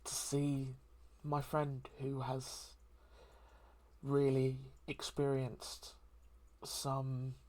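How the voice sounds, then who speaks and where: A host talking through a heartfelt solo chat in a soft, hesitant and reflective way, with many pauses and ums. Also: mid-range voice, completely flat delivery. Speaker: daily channel host.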